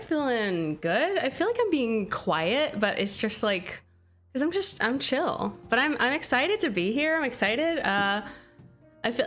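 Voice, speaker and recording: A young woman hosting a casual game livestream, with a higher-pitched voice that stays bubbly and chatty. She keeps up an easy stream of talk and thanks her viewers by name. Faint music plays underneath. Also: a bit bright.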